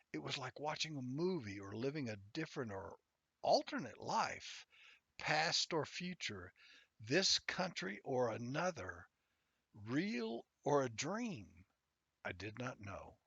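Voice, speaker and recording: A man reading his own first-person novel aloud in a wry, conversational way, sometimes dropping into soft half-whispered asides, in a slightly muffled, dry recording. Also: medium pitch, very animated, slow, vocal fry, slightly rough, no room sound.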